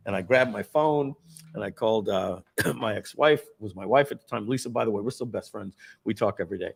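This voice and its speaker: A man's voice: fairly low pitch, fairly quick, gravelly, slightly rough. A middle-aged man, a company founder, telling a dramatic personal story at a company event and acting out the scenes.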